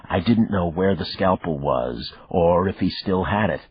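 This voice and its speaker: A man narrating a thriller audiobook in the first person, measured and even, in a dull, dry recording. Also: sits low, slightly rough, no room sound.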